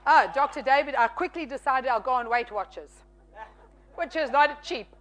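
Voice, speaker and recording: A woman with a high, bright-sounding voice shares her faith testimony on a talk show. She tells it with lively energy, slipping into the voices of the people in her story. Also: normal speed, a faint crowd. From South Africa. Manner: lively, acts out quoted dialogue. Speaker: guest sharing testimony.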